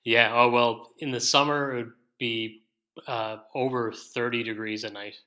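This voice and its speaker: A man's voice: medium pitch, fairly even intonation, unhurried, pushed and bright. An IT professional raised in Ireland with a slightly American-sounding Irish accent, an easygoing podcast guest who laughs often as he tells his story. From Ireland, born in New York. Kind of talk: casual interview chat.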